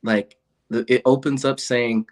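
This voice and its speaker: A man in a relaxed interview, talking with lively energy and laughing easily as he tells stories. His voice sits in an ordinary middle pitch, and his manner is open and chatty. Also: a little slow. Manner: animated storyteller, laughs often. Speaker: interview guest. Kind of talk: casual chat.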